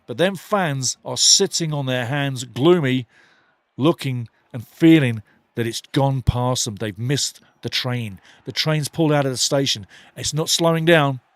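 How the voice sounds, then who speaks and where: A man's voice: mid-range voice, unhurried, dry recording. A man giving passionate, opinionated live fan commentary on a football match, calling the play in short clipped phrases and speaking bluntly, with some swearing. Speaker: watch-along football commentator.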